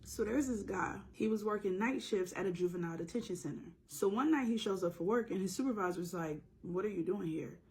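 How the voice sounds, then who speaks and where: A woman with a sore, slightly hoarse throat telling a story in a casual, slangy way, with joking asides and acted-out lines. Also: medium pitch, brisk, hardly any pauses, darkish tone, rough recording. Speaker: storytime narrator.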